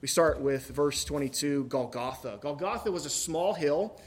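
A pastor preaches in a church, first reading scripture and then talking it through. His male voice sits a little high, and his delivery is relaxed and chatty, with joking asides and the odd "uh" along the way. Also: moderate pace. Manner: conversational, joking asides, some fillers.

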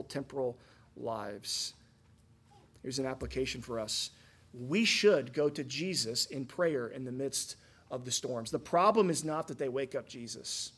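A man's voice: a little high, husky. A man preaching a sermon in an emphatic, conversational way, often checking in with his listeners through rhetorical questions. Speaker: pastor.

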